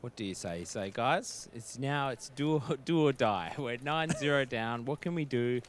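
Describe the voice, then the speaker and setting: A man's voice: medium pitch, normal speed, slight background noise. A man giving joking, self-mocking color commentary on a competitive shooter match. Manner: wry, self-mocking, chatty.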